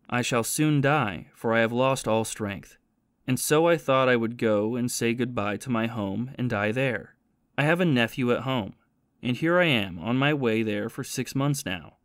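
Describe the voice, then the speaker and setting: A man's voice: medium pitch, no room sound, lightly acted. Man reading as a haunted ex-soldier thief, confessional, plain storytelling, dry close sound. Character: remorseful former soldier and thief, haunted by guilt.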